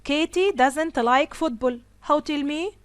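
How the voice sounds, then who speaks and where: Slow, high-voiced teacher woman. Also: dry recording. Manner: slow, repeats example sentences. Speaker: English teacher. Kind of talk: grammar lesson.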